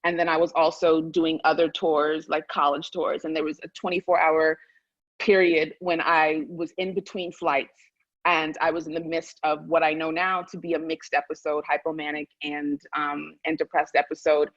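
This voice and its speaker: A woman author talking candidly, then reading from her memoir in a measured, deliberate way. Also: low-pitched, flat delivery, no room sound, muffled recording. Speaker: author and guest.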